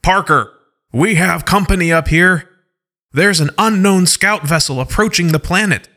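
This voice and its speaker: A brisk starship captain, as a man puts him on, giving orders in a bright, slightly raised voice. His speech is clipped and commanding, though unhurried. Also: high-pitched, pitched above the performer's own voice. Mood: urgent. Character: brisk spaceship captain on the radio.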